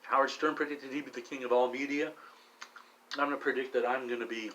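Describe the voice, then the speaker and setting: A middle-aged man vlogging alone while high, rambling with many restarts and frequent swearing. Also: steady tone, quick pace, sharp tone, highs cut off, slight background noise. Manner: meandering, profane, restless restarts. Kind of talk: rambling solo monologue.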